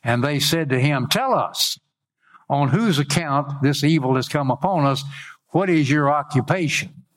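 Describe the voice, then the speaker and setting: A man's voice: lively intonation, unhurried. A man preaching a sermon, reading scripture aloud and breaking off into folksy asides. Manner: reads scripture aloud with rising pitch, adds folksy asides.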